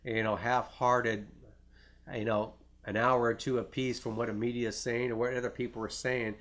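A man's voice: mid-range voice, flat delivery, normal speed, fairly bright tone. A middle-aged man preaching a sermon in an earnest way, often restarting phrases and reading scripture aloud.

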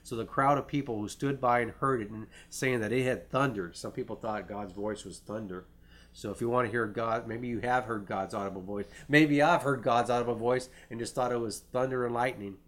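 A man's voice: medium pitch, fairly even intonation, a little fast, a bit bright. A middle-aged man preaching a sermon in an earnest way, often restarting phrases and reading scripture aloud.

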